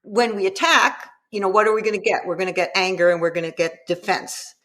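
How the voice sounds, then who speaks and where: A woman guest author explains her advice in a relaxed interview, vividly quoting parents and children along the way. Her mid-range voice is fairly bright and a little fast.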